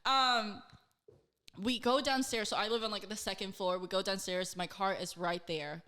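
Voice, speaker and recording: A woman in her twenties, a podcast co-host, telling a story in casual chat, animated and full of fillers and swearing. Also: medium pitch, moderate pace.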